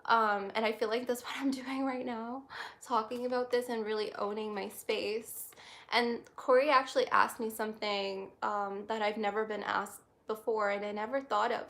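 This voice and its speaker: Woman with a slightly high voice, reading tarot on a stream; soft, halting, emotional. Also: steady tone, creaky. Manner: soft, reflective, halting with many restarts. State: close to tears. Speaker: tarot reader.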